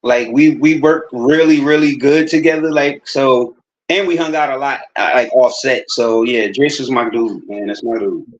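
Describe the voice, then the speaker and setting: A man's voice: mid-range voice, fairly even intonation, normal speed, slight background noise. A man chatting casually as an interview guest, laid-back and rambling. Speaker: actor guest. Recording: dull lo-fi sound.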